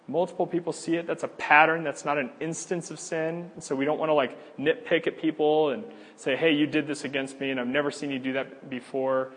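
Pastor, male, husky easygoing teacher, conversational delivery, hall reverb. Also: a little high, fairly even intonation, brisk, hardly any pauses, fairly bright tone. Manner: conversational, laughs easily, many fillers and restarts. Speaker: pastor teaching a church class. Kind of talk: casual teaching talk.

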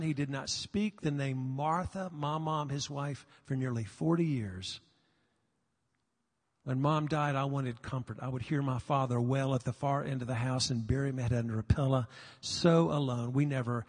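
An older man preaching a sermon, earnest and confessional, sometimes halting on repeated words, recorded live in a large hall. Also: medium pitch, slightly rough. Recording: long reverb of a large hall.

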